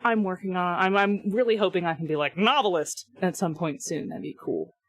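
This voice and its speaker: A woman's voice: lowish voice, fairly quick. Chatty woman host, casual and profane, close mic in a studio. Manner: chatty, swears, filler-heavy, laughs often. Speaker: podcast host. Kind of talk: casual chat.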